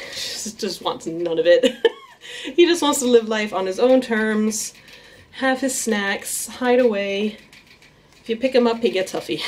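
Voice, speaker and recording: A woman's voice: mid-range voice, darkish tone, a little hiss or hum. A woman in a casual home vlog, chatting about her pet rats with frequent laughs and cooing baby talk to them. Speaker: artist and vlogger introducing her pet rats.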